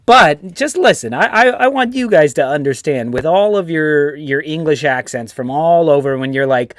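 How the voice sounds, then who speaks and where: A man with a New York accent hosting a casual sports fan show, animated and swearing freely. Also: on the high side, normal speed, dry recording, studio quality. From United States. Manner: animated, swears freely, puts on voices when quoting. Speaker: host.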